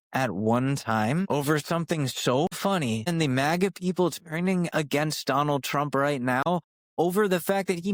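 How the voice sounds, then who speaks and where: A man's voice: on the high side, dry recording. A man hosting a podcast, delivering an incredulous, profane comedic rant in a dry, close recording. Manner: incredulous, profane, exasperated ranting. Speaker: podcast host.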